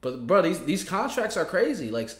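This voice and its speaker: A man's voice: high-pitched, very animated, moderate pace, roomy sound. A man reacting to a clip in casual commentary, talking straight to his viewers. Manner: chatty, talks straight to viewers. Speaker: reaction video host.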